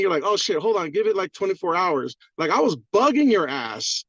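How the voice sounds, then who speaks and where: Brief: excitable man, higher voice, swears freely, muffled dry video-call audio. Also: moderate pace, dry recording. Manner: profane, rambling, fired-up. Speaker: caller on a community call. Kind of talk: excited testimonial on a group call.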